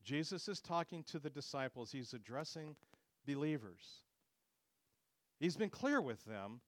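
A man's voice: on the high side, very animated, unhurried, no echo. A man preaching a sermon with earnest, expository delivery, lifting his voice when he quotes scripture.

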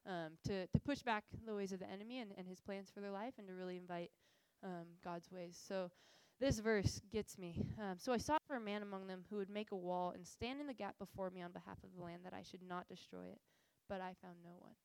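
A woman's voice: medium pitch, a little fast, few pauses, clear, resonant tone, no room sound, low-quality recording. A young woman giving a casual, earnest faith talk to a group, telling stories with lots of fillers. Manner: earnest, animated storytelling with frequent fillers. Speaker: missions speaker.

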